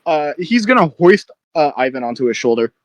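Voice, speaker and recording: A man takes his turns as a player in a tabletop game. His voice is somewhat high and recorded dry and close, and he talks in a casual, hesitant way with fillers. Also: big pitch swings, fairly quick, no room sound.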